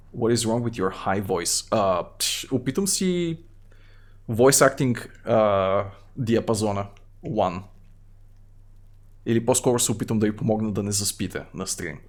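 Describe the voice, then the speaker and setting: A man with a Bulgarian accent streaming a game, reading its text aloud and adding quick, half-joking asides. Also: lowish voice. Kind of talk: live gameplay commentary, reading game text.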